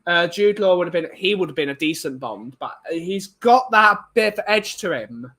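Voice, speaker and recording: Bright, high-voiced man chatting. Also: lively intonation, moderate pace. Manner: rambling, opinionated, many restarts. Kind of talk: casual chat.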